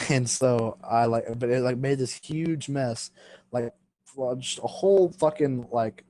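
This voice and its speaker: A man's voice: medium pitch, unhurried, mellow, no room sound. A young man hosting a podcast, casually telling a school story with lots of fillers, swearing and laughter. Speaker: podcast host.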